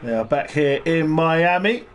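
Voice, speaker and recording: A man giving relaxed live commentary on an online race and greeting viewers in the chat. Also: fairly high pitch, a little slow. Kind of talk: live sim-racing commentary. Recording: noisy stream with engine sound behind.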